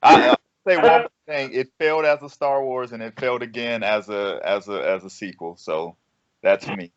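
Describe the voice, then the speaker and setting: A man's voice: mid-range voice, moderate pace, clean tone, muffled recording. A man on a podcast panel talking bluntly, with heavy swearing and slang. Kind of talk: casual podcast discussion.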